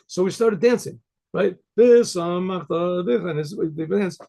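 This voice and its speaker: A man's voice: high voice, takes it slowly, mellow. A man, a rabbi, telling a story in a rambling, conversational way with frequent restarts. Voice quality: gravelly, husky voice. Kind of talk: storytelling talk.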